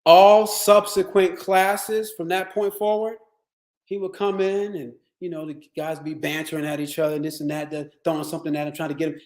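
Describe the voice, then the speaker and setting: A man giving a motivational wellness talk to lawyers. He tells stories in a streetwise, profane, animated way. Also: fairly high pitch, fairly quick. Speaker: wellness speaker. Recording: echoey room.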